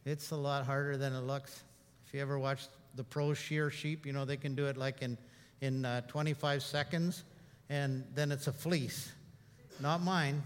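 A male pastor preaching a sermon, telling stories and moving between hushed reflection and animated telling. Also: fairly high pitch, long reverb tail.

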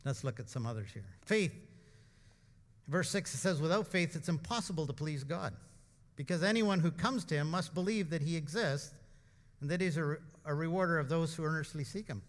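A man's voice: a little high, fairly quick. A man pastor giving an informal, emphatic sermon full of asides and rhetorical questions, with the long reverb of a church hall. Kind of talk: conversational sermon.

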